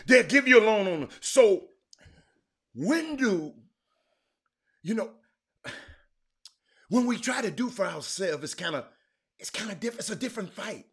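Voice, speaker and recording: A man hosting a casual livestream sports talk show, rambling and animated, with frequent restarts and fillers. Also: sits high, unhurried, long pauses, slightly rough.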